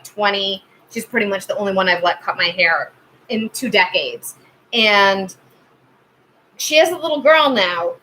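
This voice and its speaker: Bright-voiced chatty woman in her thirties. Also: mid-range voice, a little hiss or hum, poor audio. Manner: chatty storytelling with many fillers and laughs. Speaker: tarot reader and channel host. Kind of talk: casual live-stream chat.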